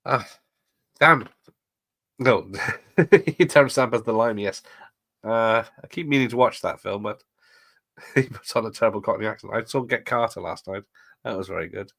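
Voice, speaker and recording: Chatty low-voiced man. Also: normal speed, creaky, pauses often, fairly bright tone, dry recording. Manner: chatty, laughs often, rambling asides. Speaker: watch-party host. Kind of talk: casual live commentary reading chat.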